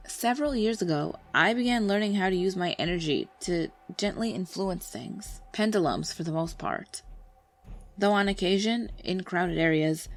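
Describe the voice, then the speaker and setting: A woman calmly reading paranormal stories aloud as a channel's narrator, in a measured, scripted delivery. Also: mid-range voice. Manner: calm, measured storytelling read. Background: faint background music.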